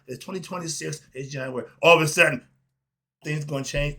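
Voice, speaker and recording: A man with a slightly high voice delivers an unscripted solo rant. He fires off rhetorical questions, laughs between points and swings from loud bursts to low mutters. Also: steady tone, fairly quick. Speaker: commentary channel host.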